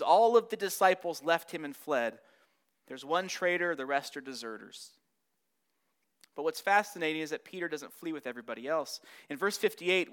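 A man's voice: a little high, fairly bright tone, clear, resonant tone. A man teaching a Bible study lesson, acting out the quotes with rising and falling intensity.

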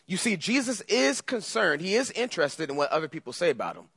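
A man preaching a conversational sermon in an animated way, speaking straight to his listeners. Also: high voice, brisk, breathy edge, dry recording. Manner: animated, conversational, acts out scripture voices.

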